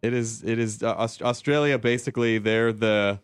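A man's voice: medium pitch, fairly even intonation, normal speed, clean tone, no echo, clean studio sound. A man hosting a podcast in a casual chat, rambling and laid-back, laughing often and swearing freely. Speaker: podcast host.

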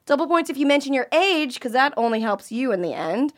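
A woman's voice: sits high, sing-song. A woman co-hosting a casual comedy podcast, playful and giggly as she riffs. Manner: playful, giggly, quick to riff. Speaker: podcast co-host.

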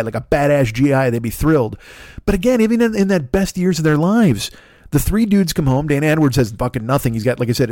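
A man's voice: a little high, no room sound, studio quality. A middle-aged man doing a profane, rambling comedic rant as a podcast host, acting out the people he quotes. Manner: profane, rambling, animated, acts out quoted voices.

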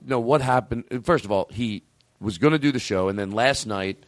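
A man hosting a comedy podcast, telling rambling, profane, excitable stories in casual chat. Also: lowish voice, normal speed, dry recording. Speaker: podcast host.

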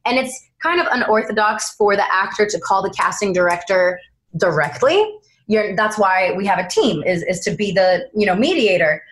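Young woman, actress guest; casual, animated anecdotes. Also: mid-range voice, normal speed, rough recording. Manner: animated storyteller, acts out quoted voices. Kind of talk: casual interview chat.

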